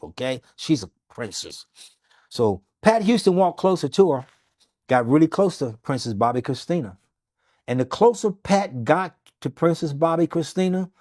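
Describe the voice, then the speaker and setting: A male doctor, a guest in an interview, launches into animated, dramatic storytelling and plays out what others said with emphasis. His voice is medium in pitch and darkish in tone. The studio audio has no room sound.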